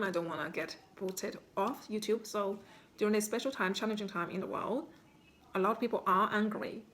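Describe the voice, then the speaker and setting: A woman as a spiritual healing coach, calmly guiding listeners through self-reflection with instructive questions. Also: mid-range voice, slight background noise. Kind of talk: guided self-reflection talk.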